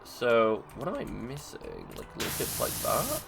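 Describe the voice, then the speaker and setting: A man's voice: mid-range voice, wildly swooping pitch, normal speed, gravelly, loud music behind the voice, low-quality recording. A British man chatting casually while streaming a game, rambling, joking and muttering to himself as he plays. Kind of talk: casual gameplay chat.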